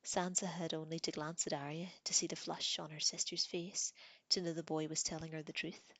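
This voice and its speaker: Seorang perempuan membacakan novel dengan suara lembut dan pelan. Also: female voice, deep voice, little pitch movement, a little fast, fairly bright tone, dry recording. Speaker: reader. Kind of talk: reading a novel aloud.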